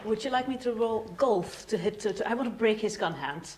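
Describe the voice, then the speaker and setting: A woman playing a live tabletop game, animated and quick to laugh. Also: fairly high pitch. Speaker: player. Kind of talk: live tabletop role-play. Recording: echoey hall with noise.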